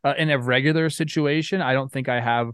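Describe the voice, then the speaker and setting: A man co-hosting a baseball talk show, chatting in a relaxed, rambling way with plenty of filler words. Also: mid-range voice, a little fast, clear, resonant tone, no room sound. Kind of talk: casual sports talk.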